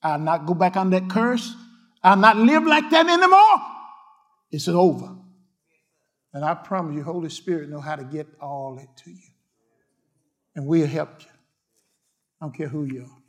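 A man preaching a fiery sermon, repeating short declarations and swinging from loud cries to hushed murmurs. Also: a little high, fairly even intonation, normal speed, long pauses. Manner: repetitive declarations and cadences.

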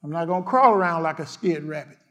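A man preaching a fiery sermon, repeating short declarations and swinging from loud cries to hushed murmurs. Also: a little high, fast talker. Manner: repetitive declarations and cadences.

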